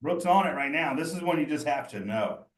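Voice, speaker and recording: A man's voice: on the high side, lively intonation, brisk. Chatty man teaching in an echoey room. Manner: chatty, addresses students directly, thinks aloud. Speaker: cheese instructor. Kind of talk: live online study session. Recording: roomy echo.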